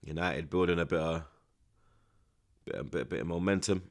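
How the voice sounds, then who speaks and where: A young football watch-along streamer offers excitable live commentary packed with slang, sinking into hushed mutters and then erupting in loud outbursts. His voice sits low and gravelly, moving at a moderate pace.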